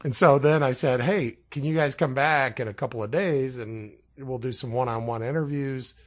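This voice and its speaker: A man's voice: mid-range voice, moderate pace. Laughing guy telling a story. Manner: laughing, animated anecdote telling. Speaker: podcast co-host. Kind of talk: casual storytelling.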